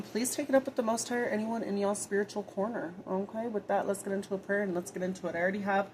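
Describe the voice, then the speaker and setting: A woman's voice: mid-range voice, a little hiss or hum, low-quality recording. A young woman reading tarot casually, rambling and swearing freely with lots of fillers. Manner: chatty, profane, rambling with frequent fillers. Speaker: tarot reader.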